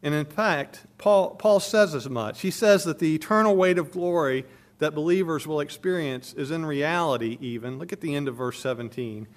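A male preacher with a voice pitched a little above the usual for men. He preaches with emphatic stress, swelling louder on key points and dropping low on others. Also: moderate pace. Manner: emphatic, rising and falling in volume for stress. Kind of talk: sermon.

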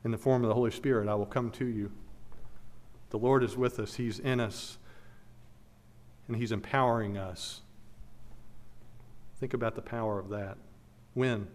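A man's voice: mid-range voice, steady tone, normal speed, long pauses, a little mellow. A man preaching an expository sermon as pastor, earnest and emphatic, repeating key phrases, then leading a prayer.

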